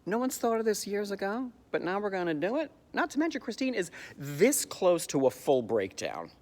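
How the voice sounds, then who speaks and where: A man giving a sarcastic comic recap of a stage musical's plot, jumping into high squeaky voices to mock the characters. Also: sing-song, normal speed, a little mellow, big-room sound. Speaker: comedic theatre commentator.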